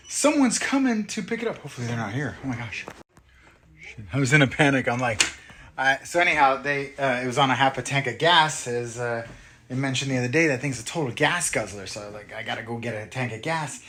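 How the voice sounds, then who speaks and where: A man's voice: medium pitch, fairly bright tone, a little hiss or hum. A man, a real estate agent, chatting casually and self-deprecatingly to the camera while he drives around. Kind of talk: casual driving vlog. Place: in a car.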